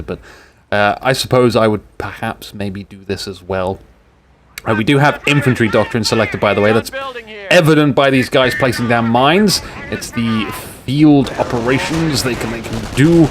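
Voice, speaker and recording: A man's voice: fairly low pitch, moderate pace, a little hiss or hum. British man joking through game commentary. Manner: joking, rambling, sarcastic asides. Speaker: game caster. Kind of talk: casual game commentary over a replay. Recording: game gunfire and explosions in the mix.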